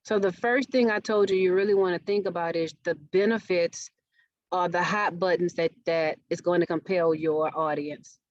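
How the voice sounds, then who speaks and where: A woman's voice: fairly low pitch, fairly even intonation, moderate pace. A woman, presenting a marketing workshop and often checking in with her audience. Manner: engaging, asks audience questions often. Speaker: marketing speaker. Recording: dull, dry webinar audio.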